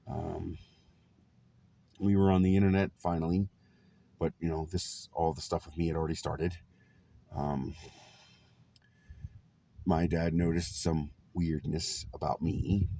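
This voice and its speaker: A man's voice: very deep voice, vocal fry, dark tone, slight background noise. A man in his forties casually telling stories about his life to camera, rambling along with lots of ums and chuckles. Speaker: vlogger.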